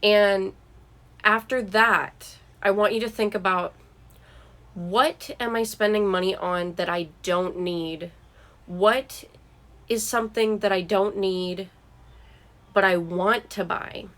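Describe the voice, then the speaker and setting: A woman's voice: medium pitch, fairly bright tone. A young woman vlogger talking earnestly and encouragingly to camera about money habits, with frequent "like" and "um". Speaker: vlogger giving money advice. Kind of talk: casual talk to camera.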